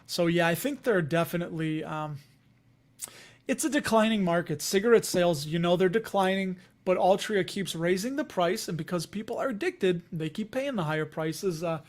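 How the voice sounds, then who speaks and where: A man's voice: sits high, expressive, normal speed. A man with a Chicago accent hosting a casual livestream, rambling and chatty, laughing often as he talks to viewers. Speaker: investing livestream host.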